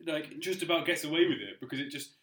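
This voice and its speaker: A young man talks fast and argues his side of a silly debate with animated, sweary energy. His voice is bright and forceful, and the room around him rings with echo. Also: a little high. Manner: animated, argumentative, swears casually. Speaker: podcast co-host. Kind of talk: casual chat.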